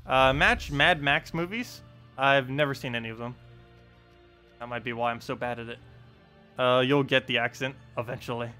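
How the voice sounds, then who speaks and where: Jersey accent guy streaming a game, bright voice, middle pitch, lots of um and uh as he goes. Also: moderate pace, pauses often, clear, resonant tone, soft background music. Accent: New Jersey. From United States. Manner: rambling, many ums and uhs, chuckles at himself. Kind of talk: casual live gameplay commentary.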